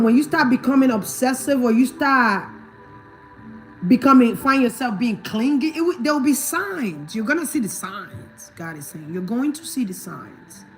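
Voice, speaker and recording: A woman from Africa with a high voice speaks casually to her livestream audience. She hammers her points home through repetition, checks that listeners follow, and breaks into laughter often. Faint music plays behind her. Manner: emphatic, repeats points, asks if the listener understands; laughs often while talking. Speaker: livestreamer and spiritual reader.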